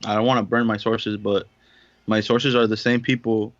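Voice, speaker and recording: A man co-hosting a casual podcast, relaxed and joking. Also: on the low side, normal speed, no room sound. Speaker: podcast co-host. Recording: dull, muffled audio.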